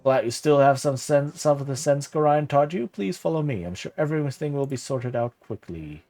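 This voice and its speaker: A man voicing a kindly old monk who protects a young ward, reading the old-fashioned dialogue aloud softly. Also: mid-range voice, normal speed, soft background music, lightly acted. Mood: gentle.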